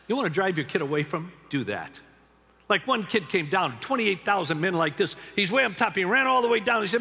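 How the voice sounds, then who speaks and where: An older man telling stories in a sermon to a large gathering of men, swinging between hushed tenderness and loud emphasis. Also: fairly high pitch, big pitch swings, fairly quick, slightly rough. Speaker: speaker to a men's gathering. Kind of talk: sermon-style storytelling talk. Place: large arena or stadium. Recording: long hall reverb.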